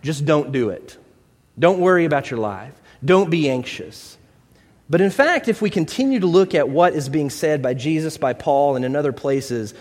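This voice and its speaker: A man's voice: a little high, darkish tone. A man preaching a conversational sermon, asking rhetorical questions and telling stories. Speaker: pastor. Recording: long hall reverb.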